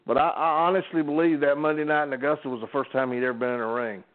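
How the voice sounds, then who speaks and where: With a mid-range, steady voice, this older former wrestling referee talks fast while sharing casual, folksy anecdotes on a podcast. His many restarts come through a narrow, phone-like recording.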